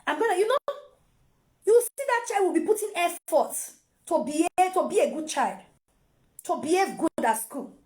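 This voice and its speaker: A woman's voice: very high voice, lively intonation, moderate pace, darkish tone. A Nigerian woman and mother giving casual parenting advice to camera, repeating phrases and mixing in pidgin.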